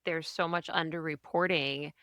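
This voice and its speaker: A woman with a low voice that still sounds bright and forceful, speaking as a podcast guest. She is earnest and reflective, letting her thoughts unfold in long sentences. The sound is clean and smooth, dry and close. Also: fairly even intonation, moderate pace, dry recording, highs cut off. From Ohio, US. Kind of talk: candid personal interview.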